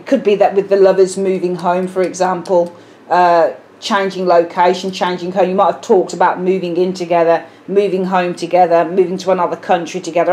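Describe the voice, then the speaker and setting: Her voice fairly low and a bit dark, a British tarot reader speaks to camera in a casual reading. She thinks out loud, repeating herself a lot and leaning on fillers.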